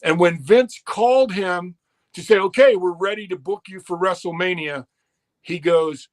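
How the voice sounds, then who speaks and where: A man's voice: high-pitched, measured pace. A middle-aged man in an interview, swearing often and acting out the dialogue as he tells a long story. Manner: profane, animated retelling with quoted dialogue. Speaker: interview guest.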